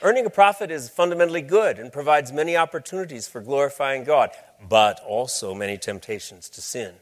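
A man's voice: mid-range voice, expressive, brisk. A man giving a lecture with slides, talking in a conversational, storytelling way. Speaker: speaker.

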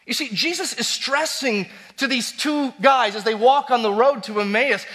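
A male preacher with a fairly high, bright voice delivers a sermon. He builds to loud, emphatic repetitions, then drops to quiet, low asides.

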